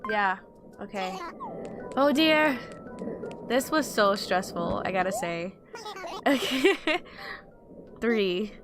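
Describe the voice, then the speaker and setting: A woman's voice: medium pitch, expressive, very slow, pauses often. A young woman casually commenting on her gameplay, rambling and breaking into panicked outbursts. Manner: rambling, chatty, bursts into panicked exclamations. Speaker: let's play gamer. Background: game music.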